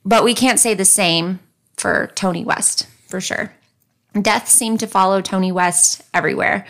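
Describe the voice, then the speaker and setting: A woman's voice: mid-range voice, a little slow, gravelly, a bit bright. Southern woman telling a true crime story. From American South. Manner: conversational, reads facts then comments wryly. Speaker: podcast host.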